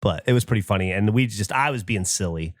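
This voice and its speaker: A man's voice: on the low side, fast, no room sound, studio quality. A man hosting a podcast, telling stories in casual chat and acting out what others said. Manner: animated storyteller, acts out quotes. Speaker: podcast host.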